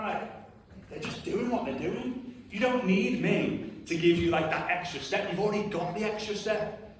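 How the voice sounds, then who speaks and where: A man's voice: high-pitched, normal speed, slight background noise. A man in his thirties giving an earnest, emphatic motivational talk to an audience, often saying "like" and acting out little voices. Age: 30s. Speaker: conference speaker. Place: large hall before an audience. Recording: echoey hall, distant mic.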